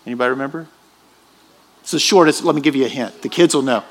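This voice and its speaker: A man's voice: mid-range voice, quick pace. A man preaching a sermon in a church, emphatic and questioning his congregation. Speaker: pastor.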